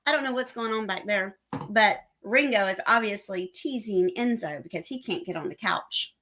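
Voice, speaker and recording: A woman's voice: mid-range voice, normal speed, fairly bright tone. A woman co-hosting a live morning cruise show, chatting casually, teasing and giggling often. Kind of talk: casual live-stream chat.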